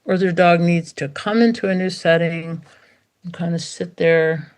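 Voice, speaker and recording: A woman dog behaviour expert talking as a podcast guest, animated and acting out quotes as she explains. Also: fairly low pitch, a little slow. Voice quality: animated, acts out quotes, gravelly. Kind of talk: podcast interview conversation.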